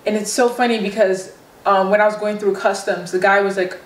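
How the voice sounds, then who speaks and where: A woman talking in a casual travel vlog, effusive and emphatic, repeating how excited and grateful she feels. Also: medium pitch, brisk, echoey room, low-quality recording. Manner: gushing, effusive, emphatic repetition. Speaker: travel vlogger. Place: hotel resort room. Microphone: phone held while walking.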